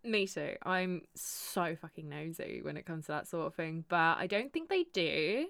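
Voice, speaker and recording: A woman's voice: deep voice, normal speed, gravelly, dry recording. A woman co-hosting a podcast, chatting casually and giggling often. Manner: giggly, bubbly and expressive. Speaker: podcast co-host. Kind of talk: casual chat.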